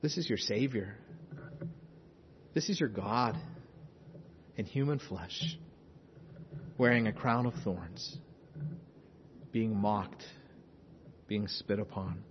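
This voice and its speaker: A man preaching a sermon as pastor, swinging between loud urgency and hushed, intense passages. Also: fairly low pitch, takes it slowly, pauses often, in a large hall, highs cut off, a little hiss or hum.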